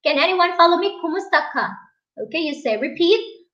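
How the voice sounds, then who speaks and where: Woman, high voice, chatty live-stream host, muffled lo-fi audio. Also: animated, a little fast, fairly bright tone. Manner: chatty, laughs often, reads viewer comments aloud. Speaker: livestream host. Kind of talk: casual livestream chat.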